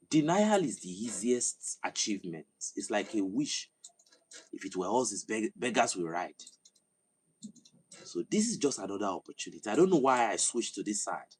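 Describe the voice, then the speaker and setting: A man from Nigeria with a Nigerian accent, giving a passionate political commentary that swells into loud, emphatic oratory. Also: on the low side, sing-song, moderate pace, husky. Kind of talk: impassioned monologue to camera.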